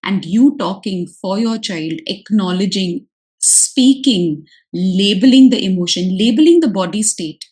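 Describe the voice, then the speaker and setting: A woman's voice: mid-range voice, expressive, measured pace, darkish tone, poor audio. A woman, an occupational therapist giving earnest advice to parents and repeating her key points.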